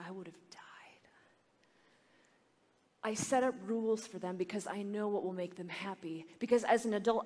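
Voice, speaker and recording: A religious sister giving a talk, telling stories with animation and acting out the voices of children. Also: female voice, lowish voice, darkish tone, big-room sound. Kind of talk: storytelling talk to a retreat audience.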